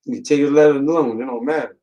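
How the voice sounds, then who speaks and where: A young man co-hosts a podcast, speaking fast at a medium pitch with a dark tone on a low-quality recording. His talk is casual, slangy and emphatic, and he often repeats himself to drive his point home.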